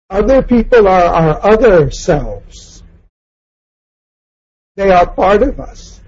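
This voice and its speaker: A man's voice: sits high, darkish tone, breathy edge, lo-fi sound. A man giving a reflective lecture on a novel, asking questions and acting out quoted lines in passing.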